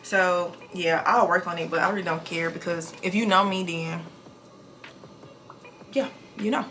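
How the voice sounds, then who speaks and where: A young woman in her twenties talking fast and casually while getting ready in her bathroom, recorded on a camera mic. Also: on the low side, fairly even intonation, a bit bright, soft background music. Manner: talks fast without pauses, breathy between sentences. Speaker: nurse vlogger. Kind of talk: casual get-ready-with-me vlog. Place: home bathroom.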